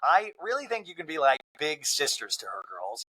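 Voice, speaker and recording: Animated, bright-voiced comedic podcast host. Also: male voice, fairly high pitch, moderate pace, breathy edge, poor audio. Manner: animated, playful, mimics the people he recaps. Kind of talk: comedic solo recap.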